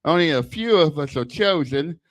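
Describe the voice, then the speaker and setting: A man's voice: a little high, lively intonation, normal speed, dry recording. An older man, doing a crude, self-deprecating stand-up set into a handheld mic at a small bar open mic. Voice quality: lisp. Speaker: stand-up comic. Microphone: handheld stage mic.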